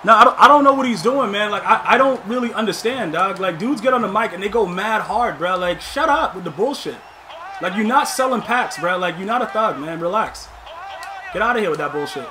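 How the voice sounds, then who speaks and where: A man giving casual, slangy live commentary over a video game, excitable and mocking, laughing often. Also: high voice, brisk, slight background noise. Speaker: gaming YouTuber.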